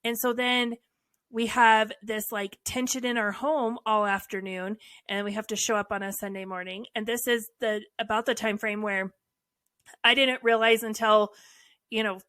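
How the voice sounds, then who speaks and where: A woman's voice: on the high side, steady tone, normal speed, a bit bright, dry recording. A woman co-hosting a podcast, telling stories frankly and animatedly with wry asides. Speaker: podcast co-host. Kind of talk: candid casual conversation.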